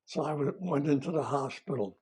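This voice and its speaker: An older retired army veteran man recalling his service in a plain-spoken, halting way, with fillers and self-corrections. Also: a little high, a little mellow, breathy edge. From United States. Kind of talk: oral history recollection.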